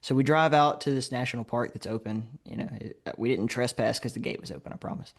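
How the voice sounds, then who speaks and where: Man, from alabama, middle pitch, animated storyteller, laughing asides, casual podcast guest. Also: quick pace. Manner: lively anecdote telling, laughs while talking. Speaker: podcast guest, game designer.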